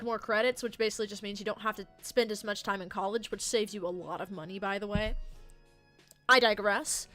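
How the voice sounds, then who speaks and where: A woman spins a rambling, slangy storytime while gaming on stream. Her voice sits a bit high and sounds bright and sharp, with faint music playing underneath. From United States.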